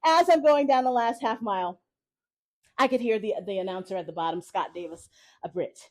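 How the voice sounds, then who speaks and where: Expressive woman telling a story live. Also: fairly high pitch, fairly quick. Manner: expressive, laughs often while telling. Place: cafe event in the mountains.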